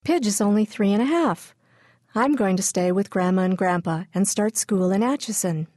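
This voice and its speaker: A woman's voice: moderate pace, darkish tone, dry recording, studio quality, lightly acted. A woman voicing a proud, spirited seven-year-old girl who is scared of storms, in a storybook reading. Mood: childlike. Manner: eager, high childlike delivery.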